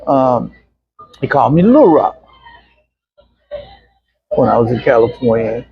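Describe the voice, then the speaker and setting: A middle-aged man, an interview guest telling personal stories in a casual, animated way and acting out other people's voices. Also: medium pitch, a little slow, creaky, breathy edge, no echo. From Arkansas, USA. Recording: dull, muffled lo-fi sound.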